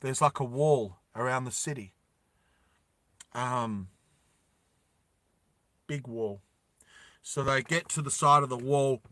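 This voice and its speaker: A man's voice: mid-range voice, fairly bright tone, no room sound. A man telling a story casually to his viewers, with many fillers. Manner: slow, with fillers, addresses viewers.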